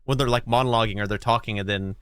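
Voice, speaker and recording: A man's voice: fairly low pitch, fairly even intonation, fast talker, a bit bright, smooth. A man co-hosting a podcast in casual chat, laid-back, with many fillers and frequent mm-hmms. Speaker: podcast co-host.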